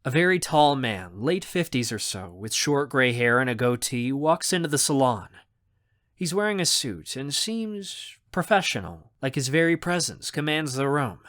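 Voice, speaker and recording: Audiobook narrator, man, first-person, animated pitch, expressive. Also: moderate pace.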